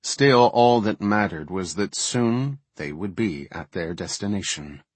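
A man reading a fantasy audiobook in a measured, steady way. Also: deep voice, no room sound. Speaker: audiobook narrator.

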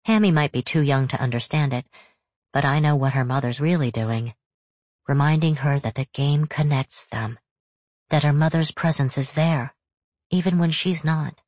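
A narrator reading a first-person novel in a steady, measured storytelling voice. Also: mid-range voice, dry recording. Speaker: audiobook narrator.

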